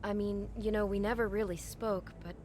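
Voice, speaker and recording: Young female desk clerk played by a woman; anxious, secretive, stumbling answers, mid-pitch. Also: steady tone, moderate pace, close to an everyday voice. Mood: nervous. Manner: hesitant, defensive. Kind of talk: video game acting. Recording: game audio over ambient noise.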